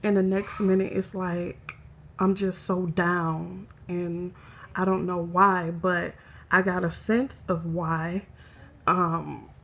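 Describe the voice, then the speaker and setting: A woman speaking in a hesitant, halting way as she records a confessional personal vlog, emotional and close to tears. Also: on the low side, little pitch movement, creaky. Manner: hesitant, halting, soft-spoken. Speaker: vlogger.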